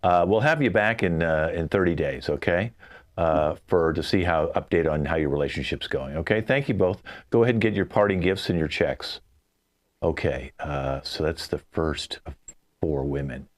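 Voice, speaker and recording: Brief: deep-voiced male emcee, brisk patter, video call. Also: dry recording, studio quality. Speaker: game show host. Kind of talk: improvised comedy hosting.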